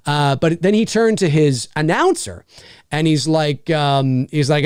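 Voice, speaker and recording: A man from Canada, a voice actor hosting a livestream, telling a story in a chatty, animated way with plenty of fillers. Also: a little high, moderate pace, no room sound, clean studio sound.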